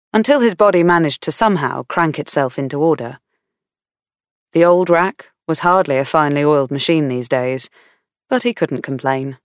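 A woman reading a novel aloud in measured, warm storytelling. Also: sits low, dry recording, clean studio sound. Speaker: audiobook narrator. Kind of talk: scripted narration.

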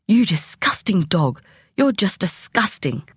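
A woman reading as a shrill, flustered mother. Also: huge pitch swings, moderate pace, gravelly, husky, dry recording, studio quality, exaggerated voice. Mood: scolding. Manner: shrill, exclaiming.

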